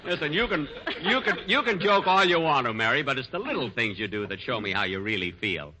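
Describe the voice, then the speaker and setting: A middle-aged man hosting a 1940s radio comedy, playing a vain, easily exasperated version of himself with sharp comic timing. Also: mid-range voice, very animated, brisk. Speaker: comedian host. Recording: noisy 1940s radio broadcast.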